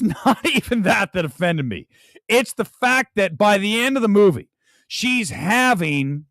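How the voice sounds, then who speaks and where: Animated, high-voiced ranting man. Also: dry recording. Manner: animated, ranting, reads viewer super chats. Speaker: movie talk show host. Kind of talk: livestream movie review chat.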